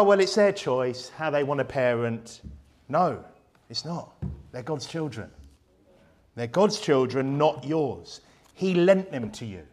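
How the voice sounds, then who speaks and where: A man preaching a sermon in a church, emphatic and fiery, firing off rhetorical questions. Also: high-pitched.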